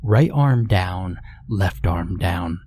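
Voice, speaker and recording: A man narrating a horror story in a measured, steady storytelling manner. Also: low-pitched, a little hiss or hum.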